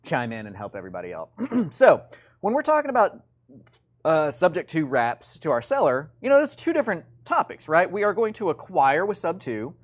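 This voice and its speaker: A man hosting a casual real estate teaching chat, animated and joking, with lots of fillers. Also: on the high side, fairly quick. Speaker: real estate investing show host.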